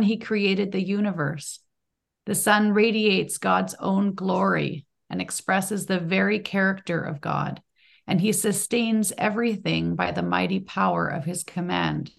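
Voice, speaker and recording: A woman reads a scripture passage aloud, lifting her voice high as she goes. Her voice carries a strong gravelly fry all the way through. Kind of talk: scripture reading.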